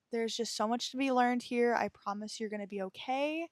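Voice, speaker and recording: A woman hosting her own podcast, talking casually and gently reassuring her listeners, tired and emotionally heavy, often stumbling over words and laughing at herself. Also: medium pitch, normal speed, few pauses, dry recording. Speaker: podcast host. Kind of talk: casual solo podcast talk.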